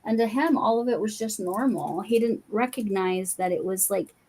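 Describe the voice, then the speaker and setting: There's a faint hiss or hum as a warm-toned woman from Colorado chats through her crafting livestream at a moderate pace in a mid-range voice. She rambles casually, with lots of fillers and restarts.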